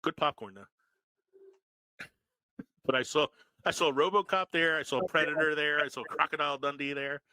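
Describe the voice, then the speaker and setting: A man's voice: on the high side, fairly even intonation, quick pace, pushed and bright, dry recording. A man in his forties co-hosting a podcast, telling stories with lots of laughs and swearing. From Philadelphia, US. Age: 40s. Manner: laughs often, profane storytelling. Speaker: podcast co-host. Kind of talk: casual chat.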